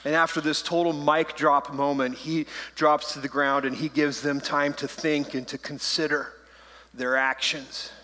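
A man's voice: fairly high pitch, level tone, unhurried, bright, forceful tone. A man preaching a sermon as pastor, conversational and playful, slipping into joking voices. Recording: long hall reverb.

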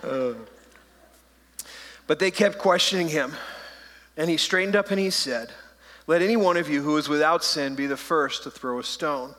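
A male pastor delivers a sermon with a bright, forceful voice pitched a little high. He talks in a loose, conversational way and tosses in playful asides. The sound rings with the long reverb of a church hall. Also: moderate pace, pauses often.

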